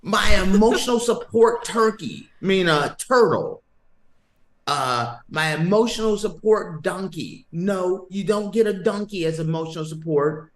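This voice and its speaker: A man's voice: high voice, measured pace, roomy sound. A man hosting a sports podcast, ranting and joking emphatically in casual banter. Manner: animated, joking, emphatic rants.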